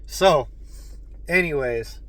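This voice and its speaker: A man's voice: fairly high pitch, expressive, slow, fairly bright tone, dry recording, poor audio. Earnest man talking to his viewers. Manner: earnest, addresses listeners as folks. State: choked up with emotion. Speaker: host. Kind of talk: heartfelt monologue to viewers.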